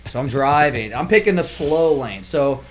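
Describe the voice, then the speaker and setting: A man's voice: medium pitch, lively intonation, moderate pace, crowd noise. A man co-hosting a podcast, telling a story in casual chat and acting out his own reactions. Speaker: podcast co-host.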